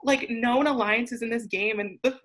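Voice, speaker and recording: A woman's voice: a little high, fairly even intonation, moderate pace, a bit bright. A woman complaining in exasperation as a player in a fan-made reality game roleplay.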